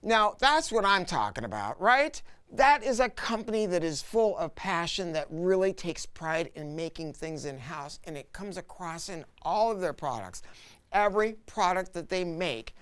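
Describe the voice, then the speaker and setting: A middle-aged man presenting an audio product review, telling stories in an emphatic, animated way. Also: high-pitched, moderate pace, clear, resonant tone. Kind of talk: casual product review talk.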